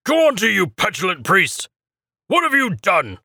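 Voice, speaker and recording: A man voicing a tall, irate male cultist acolyte who scolds loudly in an audiobook. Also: a little high, sing-song, measured pace, slightly rough, dry recording, clean studio sound, pitched above the performer's own voice, full character voice. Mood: scolding. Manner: indignant, scolding outbursts. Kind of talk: audiobook character voice.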